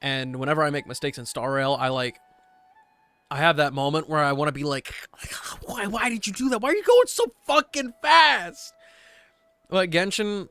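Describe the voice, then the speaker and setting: A man's voice: fairly high pitch, a bit bright, smooth. A man streaming a game and chatting casually, a rambling, self-deprecating overthinker. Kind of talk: casual gaming stream chat.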